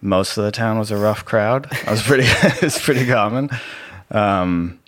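A man with a soothing voice, sharing his personal story as a podcast guest in a relaxed, rambling way with many fillers. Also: on the low side, a little slow, no room sound. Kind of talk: casual personal testimony.

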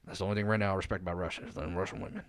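A man's voice: sits low, flat delivery, very fast, smooth. Blunt, crude man telling stories. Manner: crude, blunt storytelling, drifts into a hushed voice for details. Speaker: podcast co-host. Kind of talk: casual chat.

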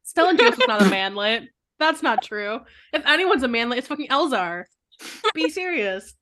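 A woman's voice: high voice, very animated, moderate pace, sharp tone, a little hiss or hum. A young woman in a blunt, joking casual chat, swearing freely.

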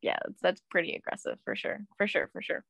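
A woman's voice: lowish voice, fairly quick, creaky, breathy edge, no room sound. A young woman co-hosting a podcast, telling stories casually, acting out what people said and swearing. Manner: animated storyteller, acts out quotes, swears. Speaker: podcast co-host.

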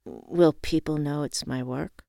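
A shy young man answers softly and haltingly, in a lower register than the reader's own, as a woman narrator voices him. The recording is close, smooth and dry. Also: dry recording. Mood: unsure.

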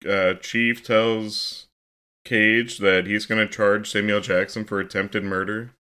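Smooth low-voiced man recapping plot. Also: slow pace. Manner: steady plot recapping with fillers. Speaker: podcast co-host. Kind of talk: casual movie recap.

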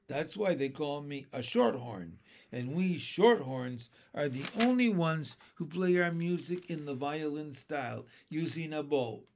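Old male grasshopper, man reading, gentle, wise, gravelly, unhurried, storybook. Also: on the high side, expressive. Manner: kindly, lecturing, proud.

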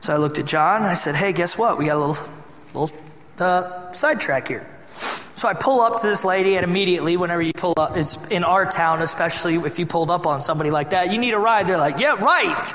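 Storytelling pastor in an echoey hall. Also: male voice, high voice, fast, fairly bright tone. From Michigan. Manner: conversational storytelling, teasing the congregation. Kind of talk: sermon. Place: church hall.

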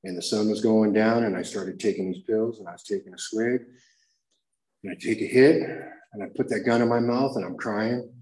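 A man's voice: lowish voice, fairly even intonation, normal speed, darkish tone. A man telling his personal recovery story to a room full of people in a raw, confessional way. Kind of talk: personal testimony to a live audience. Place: room with an audience. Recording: echoey room.

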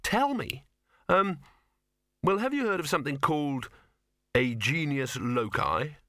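A man voicing a nervous young man who explains things cautiously and haltingly. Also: a little high, animated, sharp tone, dry recording, clean studio sound, voice pushed up. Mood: earnest.

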